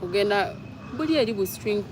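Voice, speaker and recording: A woman's voice: mid-range voice, lively intonation, a little fast, noisy background. A woman hosting a casual livestream, chatting with viewers and reading their comments aloud. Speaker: livestream host.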